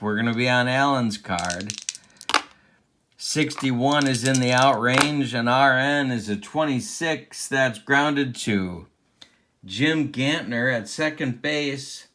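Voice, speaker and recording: Man, bright tone, unhurried play-by-play, tabletop baseball announcer, faint background noise. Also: medium pitch. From Central Illinois. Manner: announcer cadence, roots for his team. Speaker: tabletop baseball game host. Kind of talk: play-by-play commentary of a dice baseball replay.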